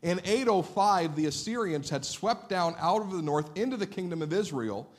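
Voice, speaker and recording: Lively-voiced man preaching a sermon. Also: high-pitched, moderate pace. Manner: dramatic scripture reading, rising loud on quoted lines; conversational asides between readings. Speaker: pastor.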